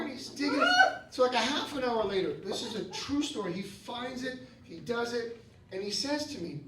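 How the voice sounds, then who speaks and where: A man telling a stand-up story to a live audience, talking to the crowd with lively energy. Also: extremely high pitch, normal speed, very noisy. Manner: animated, talks to the crowd. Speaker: stand-up comedian. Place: comedy club. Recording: echoey club, distant mic, loud crowd.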